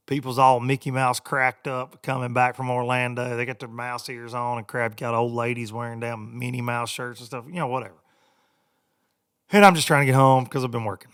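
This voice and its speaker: A middle-aged man, hosting a podcast and telling a rambling story, laughing often and doing loud mocking voices. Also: mid-range voice. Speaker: podcast host. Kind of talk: casual storytelling monologue.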